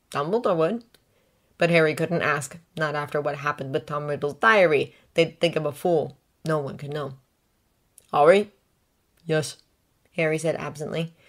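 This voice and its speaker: A woman reading a fan story aloud in a measured, even way, as scripted narration. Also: low-pitched. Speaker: audiobook reader.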